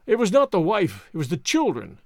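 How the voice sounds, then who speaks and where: A man voicing a distressed, refined middle-aged gentleman exposed in disguise, speaking in an anguished, pleading way. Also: high voice, huge pitch swings, brisk, no echo, clean studio sound, full character voice.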